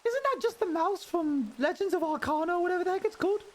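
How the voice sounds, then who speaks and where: A male streamer chats with his viewers in a strikingly high, put-on head voice. He rambles from thought to thought in a loose, casual way and laughs often. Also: expressive, fast. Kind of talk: casual live-stream chat while gaming.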